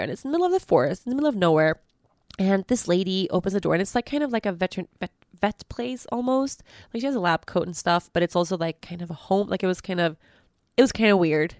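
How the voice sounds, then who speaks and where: A woman's voice: mid-range voice, no room sound. Rambling woman telling a story, dry sound. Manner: rambling, laughing, lots of fillers. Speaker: podcast host. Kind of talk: casual storytelling.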